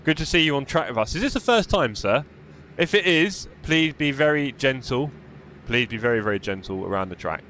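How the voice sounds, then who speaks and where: A man's voice: medium pitch, expressive, brisk, bright, forceful tone, a little hiss or hum. A man chatting casually while sim racing on a live stream, reading out chat. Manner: chatty, reads chat aloud while driving. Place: home sim racing rig.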